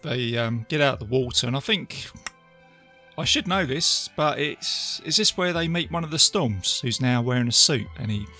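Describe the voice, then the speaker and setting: Bright chatty man. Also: mid-range voice, expressive, normal speed, faint music behind. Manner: chatty, recounts scenes with quoted lines and laughs. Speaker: podcast co-host. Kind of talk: casual film discussion.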